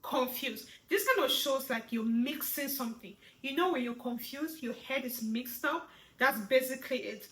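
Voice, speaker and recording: A woman teaching sign language, walking through each sign slowly and repeating words, checking in with "right?". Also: high voice, fairly bright tone. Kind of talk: slow step-by-step lesson. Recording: echoey room.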